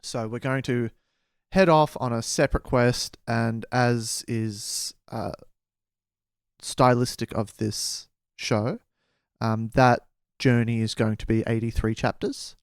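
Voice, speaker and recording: A man's voice: medium pitch, fairly even intonation, slow, gravelly, clean tone, no room sound, clean studio sound. A man co-hosting a casual book podcast, rambling and joking with lots of fillers, with a slight head cold. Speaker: podcast co-host.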